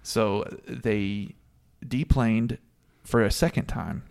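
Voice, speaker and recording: Gravelly low-voiced man telling a story. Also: steady tone, takes it slowly, darkish tone. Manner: storytelling, laughs often. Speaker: podcast co-host. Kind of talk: casual sports chat.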